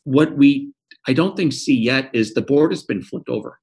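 A man's voice: medium pitch, normal speed, darkish tone. A man in his forties, an author being interviewed, who answers with earnest, vivid anecdotes and often repeats words. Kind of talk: interview conversation.

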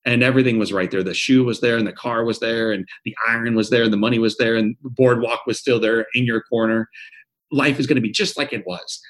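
A man's voice: medium pitch, steady tone, fast talker, a bit bright. Man in his forties telling vivid stories. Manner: earnest storyteller, vivid anecdotes, repeats words. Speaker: author and interview guest. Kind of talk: interview conversation.

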